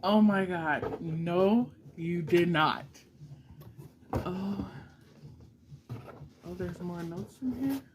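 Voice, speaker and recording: A woman's voice: lowish voice, very slow, pauses often, noisy background. A middle-aged woman vlogging an unboxing at home, gushing and emotional with frequent exclamations. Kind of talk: casual unboxing vlog.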